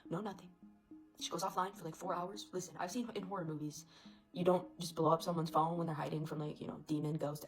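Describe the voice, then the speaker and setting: Fast-talking chatty woman telling a story. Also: lowish voice, poor audio. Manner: animated, chatty, lots of fillers. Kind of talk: casual storytime.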